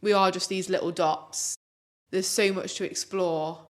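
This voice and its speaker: A woman's voice: on the low side, fairly even intonation, unhurried. A young woman, co-hosting a podcast in a chatty, upbeat way with many fillers. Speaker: podcast co-host. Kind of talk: casual podcast chat.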